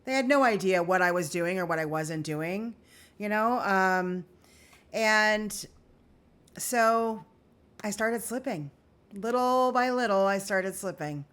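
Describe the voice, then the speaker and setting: Speaking slowly in a clean, medium-pitched voice with a bit of brightness, a woman shares an earnest, confessional vlog with her viewers. It's an emotional day, and she talks candidly in this personal video.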